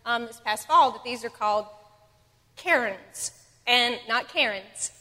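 Bright-voiced woman leading a devotional. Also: on the high side, steady tone, normal speed, in a large hall. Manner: conversational, many ums, reads scripture aloud. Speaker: Bible study leader. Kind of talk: casual devotional talk with scripture reading.

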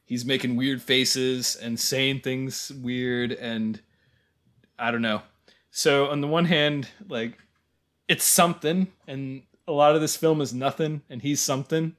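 A man's voice: medium pitch, steady tone, a little slow, fairly bright tone. A man co-hosting a podcast, giving wry, rambling movie critique and laughing often. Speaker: podcast co-host. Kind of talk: casual chat.

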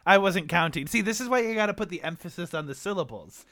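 A man's voice: high voice, expressive, fast talker, bright, forceful tone, no echo. A man co-hosting a podcast, chatting casually and laughing often. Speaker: podcast co-host. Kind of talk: casual banter.

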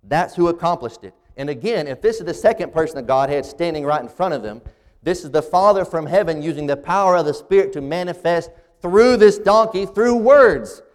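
A man preaching an expository sermon, reading scripture aloud and slowing down to stress key phrases. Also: fairly high pitch, animated, in a large hall.

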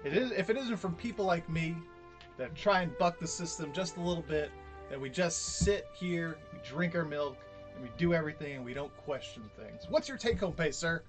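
A man's voice: a little high, expressive, brisk, music in the background. A man speaking in character at a tabletop game, preachy and insistent like he's giving a speech. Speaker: player. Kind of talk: in-character role-play.

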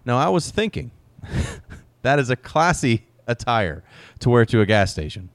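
A man in his thirties tells wry stories on a podcast, laughing often. His voice sits at a middle pitch. The recording is close and dry. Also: very animated, unhurried, dry recording. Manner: wry, laughing anecdote-teller. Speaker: podcast co-host. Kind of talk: casual chat.

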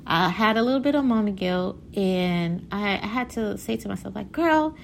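An animated woman in her thirties from Haiti talks casually about her own life. She laughs often as she tells her stories, her voice at an ordinary middle pitch. A faint hiss of noise sits behind her. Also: normal speed, gravelly. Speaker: vlogger. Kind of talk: casual personal talk.

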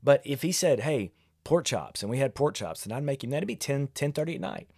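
A man's voice: mid-range voice, lively intonation, fast talker, vocal fry, a little mellow, no echo, clean studio sound. A man, a pastor talking candidly and conversationally about parenting, often restarting his sentences. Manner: candid, self-deprecating, conversational with frequent restarts. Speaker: pastor and podcast host. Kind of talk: reflective solo podcast talk on parenting.

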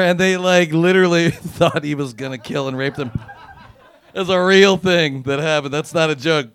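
A man performing a crude, profane stand-up comedy routine, riffing and acting out quotes with loud, punchy bursts. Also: a little high, moderate pace, clear, resonant tone.

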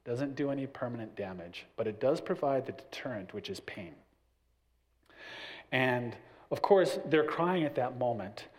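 Middle-aged man, casual talk on parenting, animated storytelling, mid-range voice. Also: medium pitch, unhurried. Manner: animated, acts out little scenes with family voices. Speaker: parent giving parenting advice.

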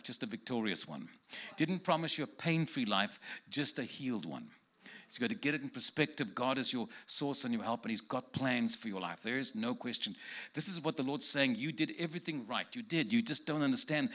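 A man's voice: medium pitch, a bit bright. A man preaching as a guest in a church, giving prophetic words to people in the congregation one by one and joking with them.

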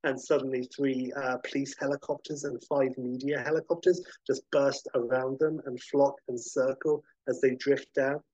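A man casually narrating a film pitch, rambling and scattering fillers as he goes. His voice is mid-pitched. The audio is dry and slightly muffled. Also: flat delivery, normal speed, hardly any pauses, darkish tone, no room sound.

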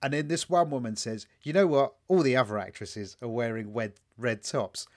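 A man's voice: mid-range voice, normal speed. Sweary man telling stories. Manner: swearing, storytelling, animated quoting. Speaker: podcast co-host. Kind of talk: casual chat.

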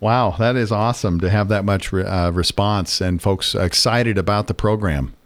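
A man's voice: lowish voice, moderate pace. A man hosting a morning radio interview segment, asking friendly, easygoing questions. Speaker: radio host.

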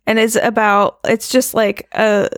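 A woman's voice: medium pitch, level tone, unhurried, a bit bright, no echo, clean studio sound. A woman co-hosting a podcast in casual chat, trailing off and restarting her thoughts and laughing often. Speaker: podcast co-host.

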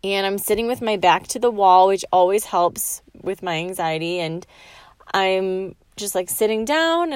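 In a studio-quality recording with a clean tone and no room sound, a young female podcast host speaks at medium pitch. She opens with a slow, soft, soothing meditation, sometimes dropping to a quiet whisper, before shifting into animated, chatty storytelling about her own life, peppered with "like."

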